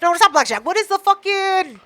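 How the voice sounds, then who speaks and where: A woman co-hosting a podcast, telling a story in casual chat, profane and animated, acting out what others said. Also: very high voice, a little fast. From Mexican heritage. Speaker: podcast co-host.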